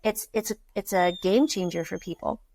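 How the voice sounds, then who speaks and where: A woman's voice: mid-range voice, normal speed, no room sound. Storytelling woman doctor, close dry voice. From United States. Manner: animated storyteller, acting out quoted patients. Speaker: physician guest. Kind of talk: conversational podcast storytelling.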